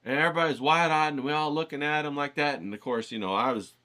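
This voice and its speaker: Bright-voiced man telling a lively story. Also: fairly high pitch, quick pace. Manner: animated anecdotal telling, acts out quoted voices; coaching, rallying tone. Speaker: writing challenge host. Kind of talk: casual storytelling lesson.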